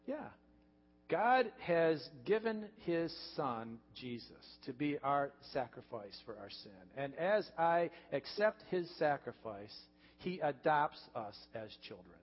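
A pastor preaching a heartfelt sermon, earnest and repetitive, building to emphatic points. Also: male voice, a little high, sing-song, takes it slowly. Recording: dull reverberant church recording.

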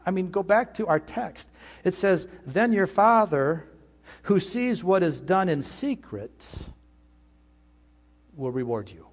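A man's voice: high-pitched, sing-song, takes it slowly, pauses often. A man preaching an earnest sermon as pastor, sometimes voicing imagined speakers.

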